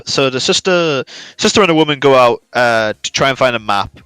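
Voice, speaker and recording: Brief: streamer guy, rambling and profane, bright tone, dry close mic. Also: mid-range voice, lively intonation, a little fast, hardly any pauses, smooth, no room sound. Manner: rambling storytelling, frequent profanity. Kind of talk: casual chat.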